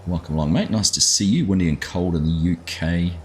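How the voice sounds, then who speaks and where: Greeting his viewers by name and frequently calling them mate, a middle-aged Australian gaming streamer talks casually in a deep, slightly mellow voice at a fairly quick pace. A little hiss or hum sits in the audio.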